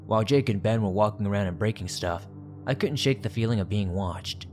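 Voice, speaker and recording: Male horror narrator, lowish voice, steady scripted reading, faint music under. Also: a little fast.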